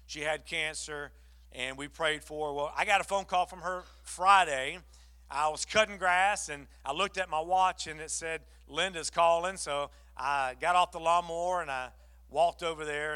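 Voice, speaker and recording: Male pastor, high bright voice, animated storyteller in the pulpit. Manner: animated storytelling, acts out both sides of the talk. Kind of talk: sermon with a story.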